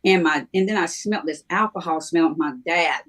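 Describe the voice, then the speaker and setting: A middle-aged woman, a minister, telling her life story in a halting, conversational way, with many ums and restarts. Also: low-pitched, fairly bright tone. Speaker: guest minister sharing her testimony.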